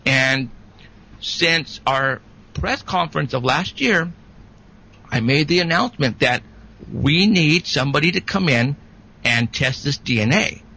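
A man talks in a rambling, animated way as a guest, stopping and restarting often. His voice sits a little high, with a gravelly, husky grain and a bright, forceful edge. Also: a little slow, poor audio. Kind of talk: casual storytelling.

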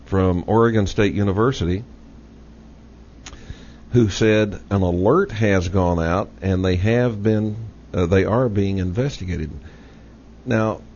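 A low-pitched man with a Texas accent hosts a talk radio show and drives his points home in a folksy, insistent way. The audio is dull and lo-fi, with a faint hiss underneath. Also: darkish tone. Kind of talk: casual talk radio discussion.

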